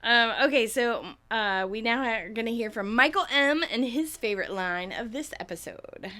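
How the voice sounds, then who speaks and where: A woman's voice: fairly high pitch, normal speed, pushed and bright. A woman co-hosting a podcast in casual chat. She giggles often and swears freely. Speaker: podcast co-host.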